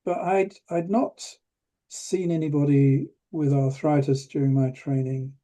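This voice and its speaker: A retired rheumatology professor from England, an older man, reflects on the past as an interview guest in a mellow, slightly high voice. He speaks a little slowly with fairly even intonation, hesitating, restarting frequently, and adding dry humor.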